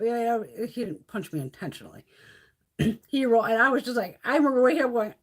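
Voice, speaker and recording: A woman's voice: fairly high pitch, big pitch swings, a little fast, breathy edge. A middle-aged woman chatting casually and profanely on a beauty live stream, laughing often.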